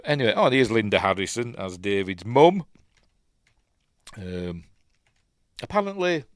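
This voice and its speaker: A man with a Yorkshire accent talks through a film in a loose, live commentary, drifting off on tangents as he goes. His voice sits low and deep. The sound is close and dry, with no room around it. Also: dry recording. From Yorkshire, England. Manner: rambling, chatty, easily sidetracked. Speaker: host.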